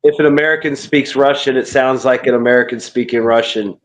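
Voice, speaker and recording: A man's voice: mid-range voice, steady tone, brisk. A man chatting casually and bluntly on a video call. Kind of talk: casual chat.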